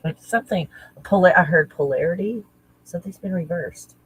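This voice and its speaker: A woman talking casually as a spiritual teacher, halting and searching, correcting herself often. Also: lowish voice, breathy edge, poor audio. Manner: halting, searching, self-correcting with nervous laughs. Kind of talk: casual channeling talk.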